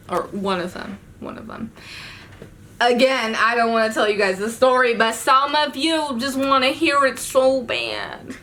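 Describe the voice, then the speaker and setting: Her mid-range voice bright and sharp, a young woman vlogs a casual storytime from home, with a little hiss or hum in the audio. Exasperated and lively, she swears freely and performs each bit of dialogue on her own.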